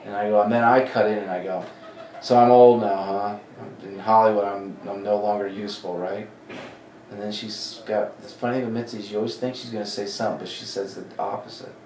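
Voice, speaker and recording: Animated man in his forties telling stories. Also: lowish voice, brisk, slight background noise. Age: 40s. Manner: animated, acts out quoted dialogue. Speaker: comedy club talent coordinator. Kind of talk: casual interview storytelling. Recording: echoey room, mic at a distance.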